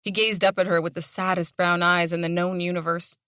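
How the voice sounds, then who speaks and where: A woman reads an audiobook in a measured storytelling manner. Her voice sits on the low side. The recording is dry, with no echo. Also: little pitch movement, a bit bright, smooth. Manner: measured storytelling with dramatic tension. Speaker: audiobook narrator. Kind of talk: scripted narration.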